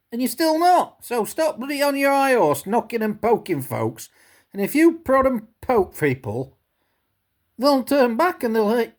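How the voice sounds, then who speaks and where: Blunt, sweary woman ranting. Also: mid-range voice. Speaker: vlogger. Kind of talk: ranting commentary vlog.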